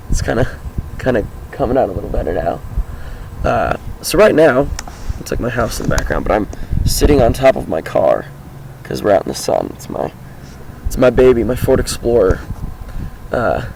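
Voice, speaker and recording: A teenage boy talking casually outdoors about his life, with a groggy, hoarse voice and a rambling, upbeat manner. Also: mid-range voice, big pitch swings, normal speed, noisy background. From Washington State, US. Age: teens. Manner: rambling, upbeat, many fillers. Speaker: high school student vlogger. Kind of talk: casual self-introduction vlog. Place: outdoors, sitting on his car.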